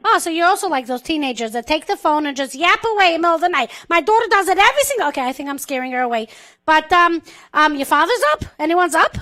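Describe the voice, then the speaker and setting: A woman's voice: extremely high pitch, animated, fast talker, pushed and bright. A middle-aged woman co-hosting a live auction stream, teasing and joking with a winner on the phone. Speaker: live auction co-host, caller. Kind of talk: playful phone call chat.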